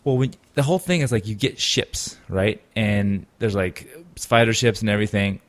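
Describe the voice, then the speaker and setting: A man with a very low voice hosts a casual gaming podcast chat. He rambles along, piling up fillers and restarting his sentences. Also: normal speed. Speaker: podcast host.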